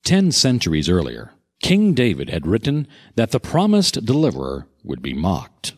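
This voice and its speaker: A man narrating a scripted Bible teaching with dramatic, expressive storytelling. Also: fairly low pitch, normal speed.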